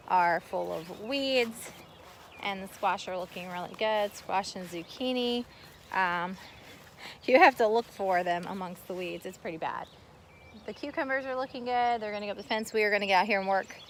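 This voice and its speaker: A woman's voice: medium pitch, normal speed. Woman, casual vlogger; rambling, friendly garden walk-through shot on a phone outdoors, light outdoor noise behind. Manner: chatty, rambling, talks to kids and dog while filming. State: a little out of breath from walking. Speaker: homestead vlogger giving a garden tour. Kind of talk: casual walking garden tour. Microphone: phone camera held while walking.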